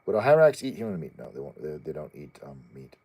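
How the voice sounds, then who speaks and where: Low husky guy rambling through viewer questions, dark mellow tone, lots of restarts and ums. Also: very animated. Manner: rambling, halting, many restarts and fillers; acts out pet voices in a high squeaky tone. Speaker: channel host answering viewer questions. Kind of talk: casual chat.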